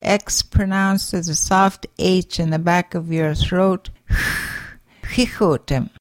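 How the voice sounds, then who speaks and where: A woman teaching a language's sounds, slowly saying each letter, its sound and an example word. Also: on the low side, little pitch movement, no room sound. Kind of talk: slow pronunciation lesson.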